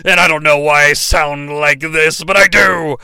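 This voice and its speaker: A man voicing a pompous, deep-voiced older businessman in a booming parody. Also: steady tone, unhurried, creaky, bright, forceful tone, clean tone, no room sound, exaggerated voice. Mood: indignant.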